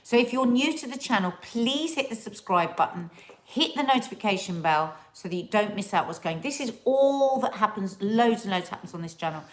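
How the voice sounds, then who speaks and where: A woman's voice: medium pitch, lively intonation, a little fast. Woman co-host, casual live-chat delivery, talkative and loose. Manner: chatty, drifting into put-on accents and bursts of song. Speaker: co-host of a family YouTube channel.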